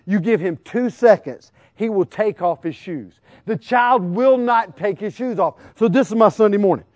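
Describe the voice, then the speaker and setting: High-voiced animated male preacher. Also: fairly quick, few pauses, dry recording. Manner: animated, questions the crowd and acts out scenes. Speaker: evangelist preacher. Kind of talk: sermon.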